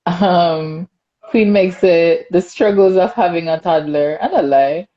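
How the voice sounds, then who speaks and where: Chatty Jamaican woman, mellow voice. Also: fairly low pitch, slow pace, highs cut off. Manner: laughs often, animated and chatty. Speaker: podcast host. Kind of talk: casual chat reading comments.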